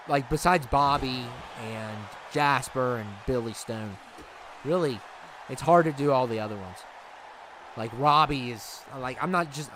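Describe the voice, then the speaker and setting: A man's voice: mid-range voice, a bit bright, slight background noise. A man hosting a livestream, chatting casually and rambling with his viewers, laughing easily. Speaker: livestream host.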